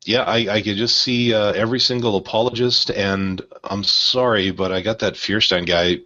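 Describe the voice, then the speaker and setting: A man's voice: on the low side, steady tone, normal speed, pushed and bright. A man in a casual discussion, talking in a rambling, irreverent and jokey way. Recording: dull lo-fi sound.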